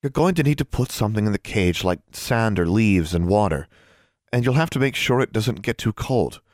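Male narrator as worried teen roommate: high, tight, bossy. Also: animated, moderate pace, dry recording, studio quality, natural voice. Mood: anxious. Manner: anxious, shrill and bossy. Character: nervous teenage girl roommate, fussy and practical.

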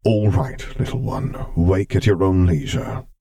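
Gentle armored dark lord, slow fond rumble, low voice, read by a male narrator. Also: expressive, creaky, full character voice.

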